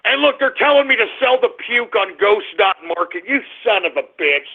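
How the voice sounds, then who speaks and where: A high-voiced man hosts a call-in radio show, sounding nauseated and sweaty as he groans and complains at his trolling listeners. The whole recording comes through thin and tinny, like a phone line. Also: big pitch swings, brisk, gravelly. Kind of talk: live call-in radio talk.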